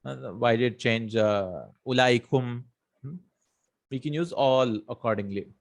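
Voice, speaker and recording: A man explaining Arabic grammar at an ordinary pitch, reciting verses and then unpacking them in English. He pauses with fillers, corrects himself, and keeps asking "right?" and "hmm?" to check the listener is following. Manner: many fillers and self-corrections. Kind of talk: explanatory lesson.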